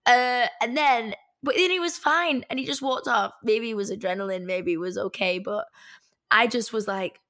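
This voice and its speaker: A woman's voice: on the high side, moderate pace, fairly bright tone. A woman hosting a podcast, telling stories dramatically. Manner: dramatic storyteller with gasps and laughs. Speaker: podcast host. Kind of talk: casual chat.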